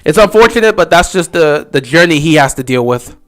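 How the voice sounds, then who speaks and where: A man hosting a livestream, giving casual play-by-play commentary and reacting loudly to big plays. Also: brisk. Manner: excitable, swings from low musing to loud shouting on big plays; chatty, talks straight to players and chat. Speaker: livestream host calling the game.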